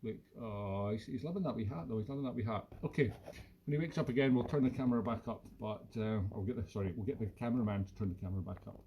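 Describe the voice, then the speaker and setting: A man's voice: on the low side, fast, dull audio, background noise. A man with a Scottish accent hosting a live stream from home, chatting in a jokey, rambling, self-mocking way into a phone. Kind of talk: casual live-stream chat. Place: at home during lockdown. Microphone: phone camera.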